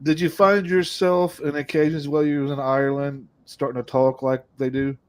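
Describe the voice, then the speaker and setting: Joking, foul-mouthed podcast host. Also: male voice, fairly high pitch, little pitch movement, moderate pace, clear, resonant tone. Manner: loose, joking, swears freely. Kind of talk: casual interview chat.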